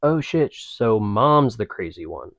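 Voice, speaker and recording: A man's voice: lowish voice, big pitch swings, a bit bright, no room sound. A man co-hosting a podcast, making wry, joking comments in casual banter. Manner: wry, joking asides, slow drawl. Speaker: podcast co-host.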